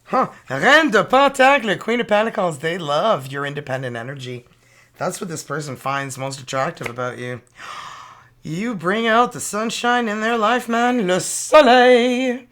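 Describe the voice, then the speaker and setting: This is a Canadian tarot reader with a clear, bright voice and a Canadian accent. The delivery is casual and playful, full of exclamations, with card names slipped into French now and then. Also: medium pitch, moderate pace.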